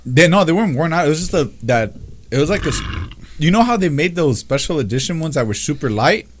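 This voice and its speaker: Man, podcast co-host, fairly high voice, casual slang, faint noise. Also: very animated, a little fast. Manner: laid-back, slangy, laughs often. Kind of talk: casual storytelling chat.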